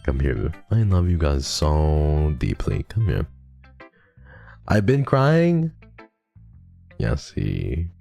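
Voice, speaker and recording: A young man streaming a game, speaking softly and affectionately to his chat. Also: rumbling low, animated, takes it slowly, creaky, hardly any pauses, faint music behind. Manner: soft, affectionate and emotional with chat. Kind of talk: emotional game playthrough with chat.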